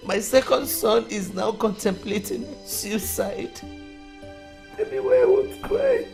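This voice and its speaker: A grieving middle-aged Nigerian mother, crying,. Her gravelly voice leaps all over in pitch and drags slowly as she pleads. Film music plays clearly behind her. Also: huge pitch swings, a little mellow, exaggerated voice. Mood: grief-stricken. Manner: sobbing, pleading, repeating herself. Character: grieving mother who lost her firstborn son.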